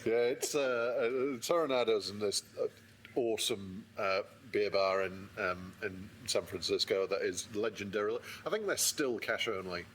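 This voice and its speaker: A man hosts a casual podcast interview. He speaks in a lowish voice and picks his way through sentences with pauses. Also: fairly bright tone, slight background noise. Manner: hesitant, lots of ums and uhs. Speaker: podcast host.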